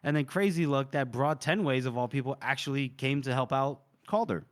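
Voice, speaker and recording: A man's voice: mid-range voice, a little fast, dry recording. A man co-hosting a podcast, animatedly retelling a story, acting out the characters' lines and laughing often. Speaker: podcast co-host. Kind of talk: casual book discussion.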